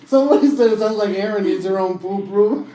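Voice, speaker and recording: A laughing co-host on a relaxed live stream reads viewer comments aloud. The voice sits in a roomy space with faint background noise, and the delivery is easygoing and amused. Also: medium pitch, fast. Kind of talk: casual live-stream chat.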